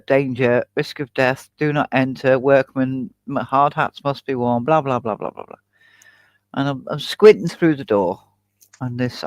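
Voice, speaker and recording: A man's voice: medium pitch, no echo. A man hosting a casual chat, telling a long anecdote in a chatty storytelling way and laughing often. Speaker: YouTube channel host.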